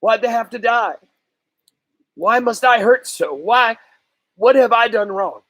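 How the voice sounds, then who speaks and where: A man voicing a grieving boy in a story reading, high and choked as he pleads. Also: brisk, no room sound. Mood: anguished.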